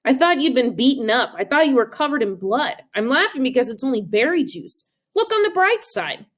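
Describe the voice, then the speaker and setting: A woman voicing a brisk mother who reassures her son firmly in an audiobook reading. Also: high-pitched, big pitch swings, fairly bright tone, full character voice. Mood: reassuring. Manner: firm, reassuring. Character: mother, brisk and reassuring, quick to laugh things off.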